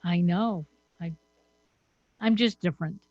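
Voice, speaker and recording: Woman, Upper Peninsula Michigan accent, radio chat, slow, dry short replies, slightly muffled. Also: lowish voice, dark tone, faint music behind. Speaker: radio co-host.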